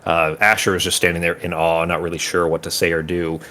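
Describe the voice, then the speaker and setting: A man's voice: low-pitched, flat delivery, fairly quick, bright, forceful tone. A man running a tabletop game as game master, rambling and searching for words while he describes scenes in vivid detail.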